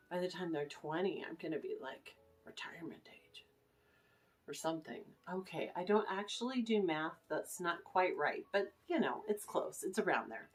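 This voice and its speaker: A woman's voice: fairly low pitch, a little mellow. Rambling anxious woman vlogger. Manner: rambling, anxious and emotional, many fillers. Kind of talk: casual rambling vlog chat.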